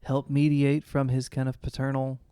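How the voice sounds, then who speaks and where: A man's voice: medium pitch, completely flat delivery, moderate pace, dark tone, clear, resonant tone, no echo, clean studio sound. A man co-hosting a casual film podcast, talking through his points step by step. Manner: thoughtful, builds points step by step. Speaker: podcast co-host.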